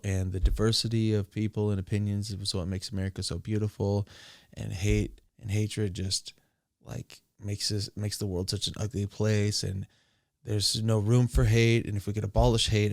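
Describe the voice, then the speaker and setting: A man's voice: lowish voice, darkish tone, dry recording. A man casually telling a long story, rambling with crude asides and laughs. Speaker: streamer.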